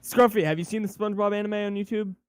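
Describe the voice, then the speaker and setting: A man in a casual podcast chat who jokes around, with loud outbursts and mock-dramatic lines. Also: sits high, fairly even intonation, fast, clear, resonant tone, no echo.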